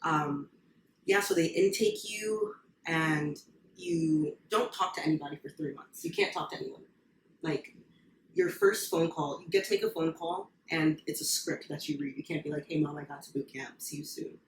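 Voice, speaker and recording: A young woman who served as a Marine, chatting casually as a podcast guest and telling her stories in an animated way, often laughing. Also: low-pitched, moderate pace. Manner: animated storytelling, frequent laughs. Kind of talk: casual chat. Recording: echoey room, faint noise.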